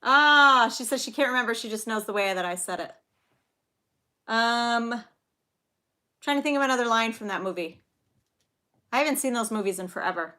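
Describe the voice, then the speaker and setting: A woman's voice: on the high side, expressive, moderate pace, pauses often, sharp tone. A woman in her thirties hosting a casual live-stream trivia game, chatty and giggly, telling little stories between questions. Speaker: livestream trivia host and mother.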